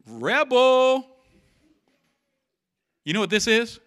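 A man's voice: high-pitched, expressive, moderate pace, sharp tone. A man preaching a sermon in church, talking conversationally, repeating key phrases and acting out quotes. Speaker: pastor.

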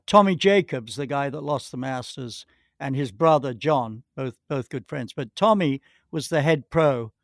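This man has a medium-pitched voice with vocal fry, recorded with studio quality and no echo. He's a golf pro appearing as an interview guest, spinning long stories and often hesitating or restarting.

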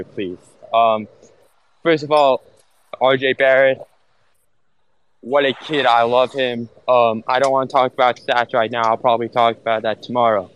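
A man calling in as a fan, talking in a relaxed, upbeat, chatty way. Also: mid-range voice, slight background noise, rough recording. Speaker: caller, home fan. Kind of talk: casual chat.

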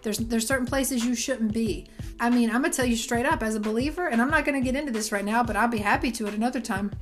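Higher-voiced woman in her thirties, fervent Christian motivator addressing viewers directly, soft music under her. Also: fast. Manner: emphatic, preachy, addresses listeners directly. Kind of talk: casual motivational talk to camera.

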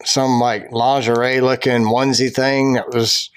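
A man's voice: mid-range voice, flat delivery, a little slow, clean tone. A man co-hosting a casual comedy podcast, telling rambling stories and laughing along. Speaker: podcast co-host.

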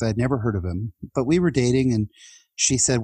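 A husky-voiced man in his fifties tells personal stories as a podcast guest. He speaks in a heartfelt, chatty way and often starts his sentences over. The sound is close and dry, with no room echo. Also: mid-range voice, brisk, mellow. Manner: heartfelt and chatty, with laughs and restarts. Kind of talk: personal storytelling in an interview.

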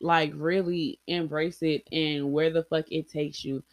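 A woman's voice: low-pitched, little pitch movement, a little slow, no room sound. A young adult woman vlogger telling personal stories candidly, blunt and heavily profane, acting out quoted lines.

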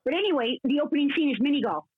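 A woman in her sixties, a guest actress telling rambling, animated stories in a casual interview, full of restarts. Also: high-pitched, very fast, dry recording. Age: 60s. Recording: husky voice over a tinny phone line.

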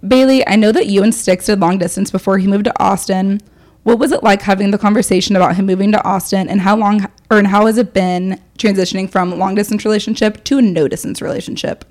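A woman's voice: mid-range voice, quick pace. A young woman co-hosting a podcast, telling stories in casual chat and reading listener emails aloud. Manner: animated storyteller, reads listener emails aloud. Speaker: podcast co-host.

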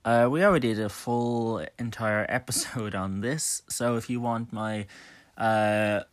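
A man's voice: fairly low pitch, fairly even intonation, measured pace. A young man, a podcast host giving an opinionated, enthusiastic casual review of films he watched. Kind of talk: casual film review monologue.

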